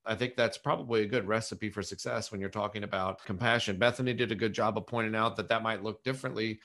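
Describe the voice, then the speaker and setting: Brief: male, slightly low voice, brisk, sums things up in steps. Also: steady tone, fairly bright tone. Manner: summarizing, structured. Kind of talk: casual podcast discussion.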